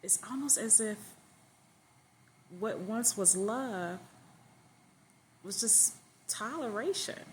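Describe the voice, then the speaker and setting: A woman telling a story aloud in a relaxed, conversational way. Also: mid-range voice, extremely slow, pauses often, a little hiss or hum. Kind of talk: casual spoken storytelling.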